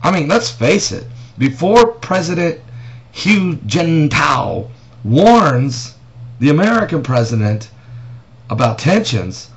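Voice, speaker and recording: This pastor speaks in a mid-range voice with big pitch swings and an unhurried pace. In a casual vlog on news and prophecy, he reads an article aloud, pausing to drive home points with pointed rhetorical questions. The audio is dull and lo-fi, with faint noise.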